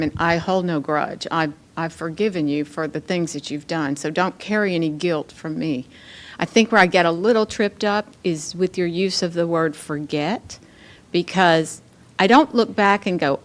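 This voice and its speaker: Soft-spoken, thoughtful woman in an audience. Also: on the low side. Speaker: audience member. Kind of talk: conversational Q&A response.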